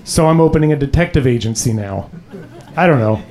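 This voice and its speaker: A man's voice: medium pitch, expressive, fairly quick, darkish tone. A young adult man doing a stand-up comedy set on a club stage, talking in a loose, rambling, swearing way into a handheld mic. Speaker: stand-up comic.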